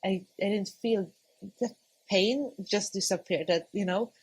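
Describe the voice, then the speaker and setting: On a podcast, a woman in her thirties tells a personal story at an unhurried pace in a husky, medium-pitched voice. Her delivery is conversational, full of laughter and lively reenactments of what she once said. The audio is poor.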